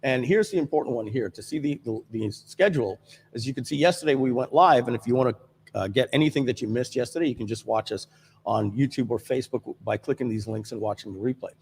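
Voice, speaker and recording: Gravelly man hosting a live stream. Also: mid-range voice, fast, darkish tone, big-room sound, slight background noise. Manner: rambling with many fillers and restarts. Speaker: livestream host. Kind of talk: casual live-stream presentation. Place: studio.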